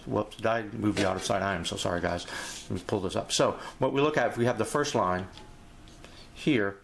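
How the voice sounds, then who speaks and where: A man teaching a jazz etude in a relaxed, rambling way, walking through the music and scatting phrases aloud. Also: fairly low pitch, fast talker, vocal fry, slight background noise. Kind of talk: casual instructional walkthrough.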